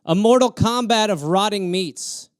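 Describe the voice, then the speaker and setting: A man with a fairly high voice riffs alone on viewer prompts, sarcastic and animated. The sound is dry and close, with no room around him. He jumps between rants and quick mock asides. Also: clean tone, no echo. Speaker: comedian host riffing on viewer prompts. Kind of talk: solo improvised comedy riff on a livestream.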